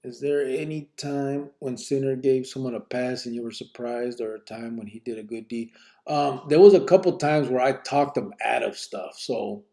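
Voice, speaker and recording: A man hosting a live podcast, reading listener questions and telling stories in relaxed street slang sprinkled with Spanish words. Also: medium pitch, gravelly. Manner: reads out listener questions and answers them. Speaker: podcast host. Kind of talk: live podcast, casual storytelling.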